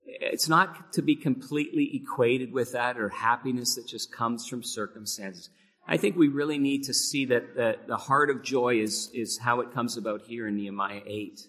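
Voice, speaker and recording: Earnest preacher in a reverberant hall. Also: male voice, medium pitch, moderate pace, a bit bright. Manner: earnest, rises to emphatic peaks on key phrases. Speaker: pastor. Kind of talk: sermon. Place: church sanctuary.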